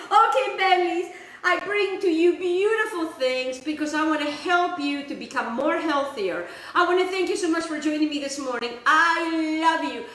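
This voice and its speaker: High-voiced chatty woman in echoey kitchen. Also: a bit bright. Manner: chatty, addresses viewers as guys, repeats "just like that". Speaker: cooking show host. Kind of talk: casual cooking demonstration.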